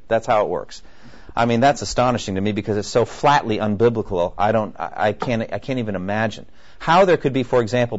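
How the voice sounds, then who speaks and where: A man giving a conversational Bible teaching lecture who acts out the quoted voices and keeps checking in with his listeners. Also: on the low side. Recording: dull lo-fi recording.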